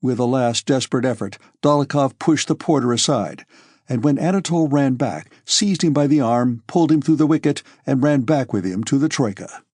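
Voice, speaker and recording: A male audiobook narrator with a husky voice at a middle pitch, reading in a measured, steady way. The recording is close and dry, with no room sound. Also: no room sound.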